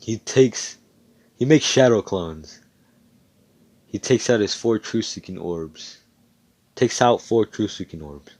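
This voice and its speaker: Speaking in a low voice, a man spins a made-up fan story over voice chat on his computer mic. It's casual and rambling, with frequent swearing and bursts of excitement.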